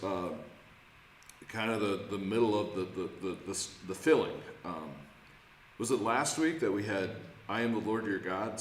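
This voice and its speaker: A man's voice: fairly low pitch, slight background noise. A man leading an informal Bible study, talking conversationally with many restarts and questions to the group. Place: church room. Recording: echoey church room, faint ambience.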